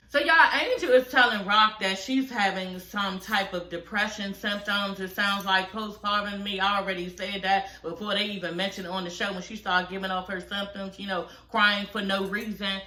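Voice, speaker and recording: A woman's voice: mid-range voice, normal speed, hardly any pauses, bright, forceful tone, echoey room. A woman in her forties giving casual reaction commentary, telling a personal story candidly with lots of profanity and asides. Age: 40s. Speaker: reality show commentator.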